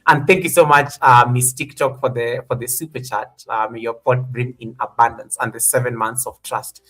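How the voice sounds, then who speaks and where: A man's voice: mid-range voice, steady tone, moderate pace, pushed and bright. A man co-hosting a casual live-stream chat, reading out viewers' names and thanking members. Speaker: co-host.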